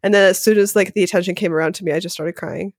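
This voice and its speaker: Rapid-talking woman podcast guest. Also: on the low side, dry recording, clean studio sound. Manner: rapid and animated, heavy use of "like". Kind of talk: casual conversational interview.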